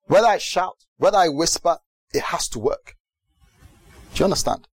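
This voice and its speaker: A man from Britain preaching a sermon in a lively way, often asking the audience if they understand. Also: sits high, moderate pace, pauses often, no echo. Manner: lively, mimics other preachers, asks the audience questions.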